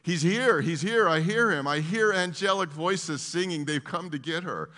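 A man voicing an ecstatic female hospital therapist who shouts over and over in a frantic way. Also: fairly low pitch, moderate pace, voice pushed up, close to an everyday voice. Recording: long reverb of a large hall.

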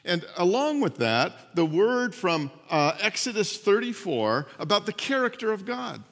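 A man preaching a sermon as pastor, telling a story in an animated way and acting out the voices in it. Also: sits high, measured pace, vocal fry, in a large hall.

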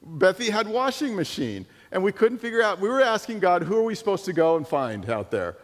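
Man preaching, high voice, lively storytelling, repeats words, echoing church hall. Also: brisk. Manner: animated, full of restarts and repetitions. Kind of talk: sermon with storytelling. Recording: long hall reverb.

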